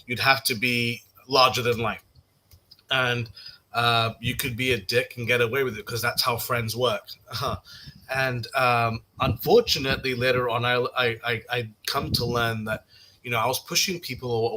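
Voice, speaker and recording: Bright-voiced man telling stories haltingly. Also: mid-range voice, a little hiss or hum, poor audio. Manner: halting, full of restarts and self-mocking asides. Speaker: podcast guest. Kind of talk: casual chat.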